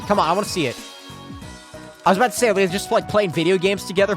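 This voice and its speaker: A man's voice: high-pitched, quick pace, music in the background. A man streaming a game, commenting casually while stumbling over his words and swearing freely. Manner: rambling, stammering, swears casually.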